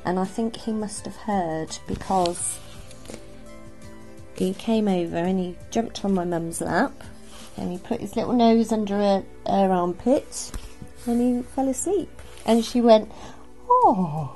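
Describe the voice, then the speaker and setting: A woman from England answering interview questions about dogs, an animated storyteller who acts out the voices in her story. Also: mid-range voice, measured pace, soft background music. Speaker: dog trainer interviewed as guest. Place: outdoors by a river.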